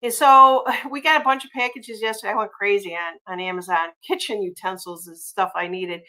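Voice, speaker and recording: A woman hosting a casual livestream, chatty and gushing, often pausing on ums and uhs as she reads viewer comments. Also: medium pitch, fairly even intonation, sharp tone, rough recording. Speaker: livestream host.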